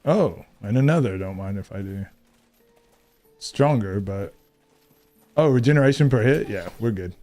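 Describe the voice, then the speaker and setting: A man's voice: on the low side, lively intonation, normal speed, long pauses, mellow, soft background music. A man streaming a game, chatting casually and teasing his viewers with frequent laughs. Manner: playful, teasing, laughs often. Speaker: gaming streamer.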